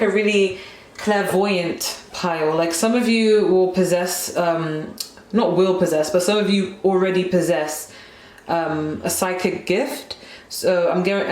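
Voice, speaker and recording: A woman's voice: lowish voice, roomy sound, low-quality recording. A woman casually chatting through a tarot card reading, emphatic and full of "like" fillers. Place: home room.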